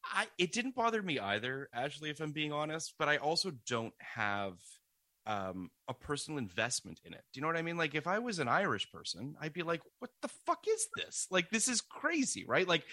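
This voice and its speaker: A man co-hosting a podcast, steering the talk with questions, halting now and then with fillers. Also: fairly high pitch, big pitch swings, bright, forceful tone, no room sound. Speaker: podcast co-host. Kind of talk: casual podcast chat.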